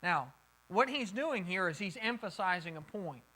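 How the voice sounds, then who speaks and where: A man's voice: sits high, animated, moderate pace, sharp tone, low-quality recording. A man preaching a Bible lesson in a conversational way, often repeating words as he thinks and taking questions from his listeners. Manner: takes questions from the group. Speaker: pastor teaching a Bible study. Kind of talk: sermon.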